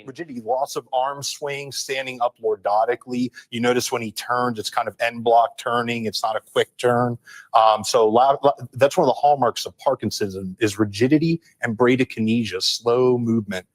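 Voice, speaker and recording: Male doctor guest, mid pitch, brisk clinical rundown, dry sound. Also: steady tone, dry recording. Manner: matter-of-fact, rapid clinical terms. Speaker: medical expert guest. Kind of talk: clinical explanation in an interview.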